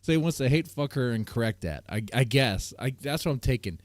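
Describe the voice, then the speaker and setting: A man's voice: mid-range voice, animated, brisk, dry recording. A man hosting a stream, reacting to a clip with incredulous questions and laughter. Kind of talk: reaction commentary.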